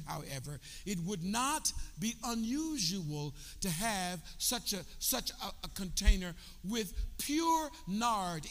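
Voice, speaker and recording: A bishop preaching a sermon, drawing call-and-response from his congregation and building from quiet explanation up to shouts. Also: high-pitched. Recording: long reverb of a large hall.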